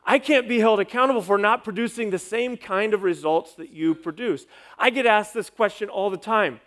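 High-voiced man preaching emphatically. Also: normal speed, a bit bright. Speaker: pastor. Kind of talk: sermon.

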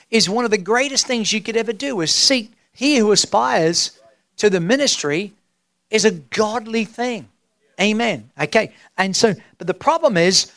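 Aussie pastor guy preaching, high voice, dry close sound, keeps asking the crowd questions. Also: creaky, a bit bright, no echo. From Australia. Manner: emphatic, drawn-out preaching with rhetorical questions. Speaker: senior pastor. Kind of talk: sermon.

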